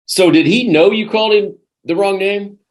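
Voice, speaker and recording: A man's voice: sits high, normal speed. A man hosting a casual interview, prodding his guests for stories and laughing often. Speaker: podcast host.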